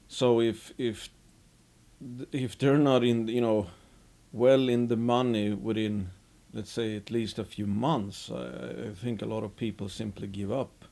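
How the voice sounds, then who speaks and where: A man giving casual, unhurried investing commentary as host of his own show, rambling a bit with restarts. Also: lowish voice, dark tone.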